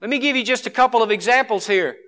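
A man preaching a sermon, swinging from forceful exhortation to hushed earnestness. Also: extremely high pitch, quick pace.

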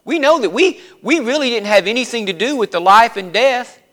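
A man preaching a sermon, dropping to a hush and then rising to loud, emphatic appeals. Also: very high voice, lively intonation, a little fast. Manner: preaching with wide swings from hushed to loud and emphatic.

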